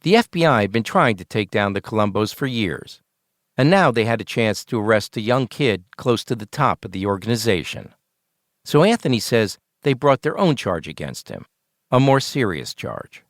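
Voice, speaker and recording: A man narrating a documentary podcast in a measured, scripted storytelling manner. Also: lowish voice, very animated, no room sound, clean studio sound.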